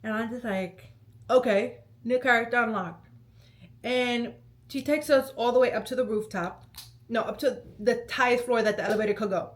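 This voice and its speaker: A young woman recounts a personal story straight to camera in a lively, gossipy storytime vlog. Her voice sits a little high, and she keeps things flowing with casual fillers and emphatic asides. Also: normal speed. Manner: animated, chatty storytelling with lots of "like" and "let me tell you". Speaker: vlogger.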